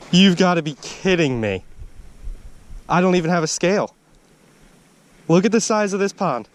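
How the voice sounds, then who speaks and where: An excitable man talking casually to the camera, outdoors on a frozen lake, with a faint outdoor hush behind him. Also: high voice, moderate pace, pauses often. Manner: excitable, exclaims loudly when he lands a fish. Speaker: angler filming his fishing trip. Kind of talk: casual running commentary.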